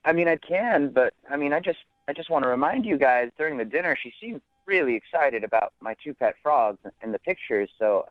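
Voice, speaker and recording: A man's voice: fairly high pitch, expressive, brisk, hardly any pauses, no room sound. A man calling in to a radio show by phone, talking hesitantly with lots of restarts and "I mean". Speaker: caller. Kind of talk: phone-in chat. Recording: thin phone line.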